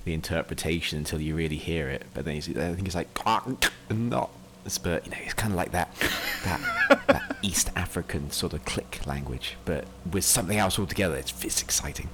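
A man's voice: deep voice, fast talker, few pauses. A man playing a tabletop game, rambling enthusiastically in casual chat. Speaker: player.

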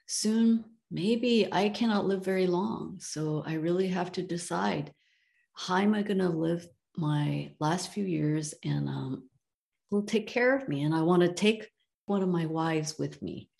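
A woman voicing an old, wealthy, sick husband who pleads with his wives, in a slow and low voice. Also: creaky, a little mellow. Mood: worried.

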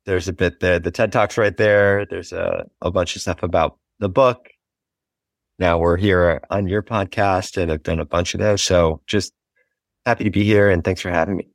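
A man's voice: low-pitched, fairly even intonation, moderate pace, gravelly, no room sound, clean studio sound. A man in his forties, a guest on a podcast interview, speaking in an earnest, thoughtful way and musing aloud. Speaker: guest, author.

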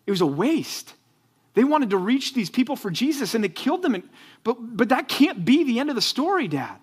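A man's voice: a little high, animated, a little slow, fairly bright tone, slightly rough, full character voice. A man quoting his upset young son in a sermon, his voice rising a little. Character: young boy, upset and questioning.

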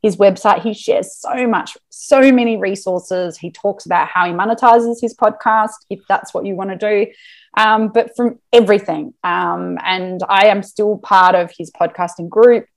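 A woman talking as a podcast guest in a casual interview, chatty and animated with plenty of fillers. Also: medium pitch, normal speed. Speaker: podcast guest, marketing business owner.

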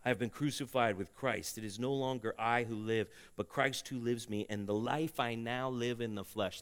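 A man preaching a sermon as a pastor in a church, earnest, rising to loud emphatic peaks and dropping to hushed, tender stretches, ending in prayer. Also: medium pitch. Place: church sanctuary.

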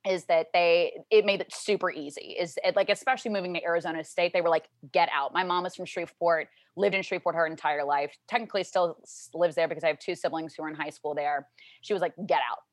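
A woman's voice: quick pace, no room sound, studio quality. Chatty young woman from Louisiana. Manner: chatty storyteller, acts out her family's lines in high excited voices. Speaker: guest. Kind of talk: casual interview chat.

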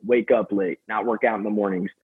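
A man guest in a casual interview, telling stories fast and energetically with many fillers. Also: lowish voice, steady tone, breathy edge. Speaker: podcast guest, sales manager. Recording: tinny phone-line sound.

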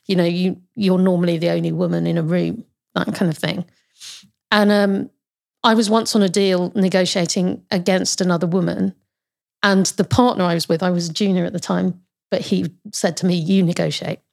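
A woman speaks with a low, gravelly voice, frank and emphatic, in a relaxed podcast chat. She sounds like a seasoned professional sharing her views. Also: normal speed. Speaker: corporate lawyer guest. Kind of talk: casual podcast conversation.

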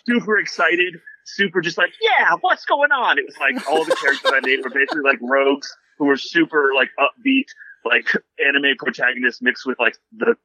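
A man's voice: medium pitch, fairly quick, few pauses, pushed and bright, dry recording, low-quality recording. A man in casual chat, talking in a rambling way with many fillers and restarts. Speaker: podcast guest, new dungeon master.

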